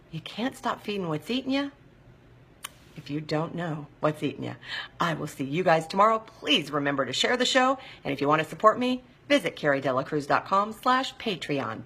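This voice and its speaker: A middle-aged woman hosts a live stream and chats through viewer comments. Her voice is a little low but sharp and bright, and she gushes with warm encouragement for her viewers. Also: sing-song, normal speed, breathy edge. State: hot and sweaty, sighing.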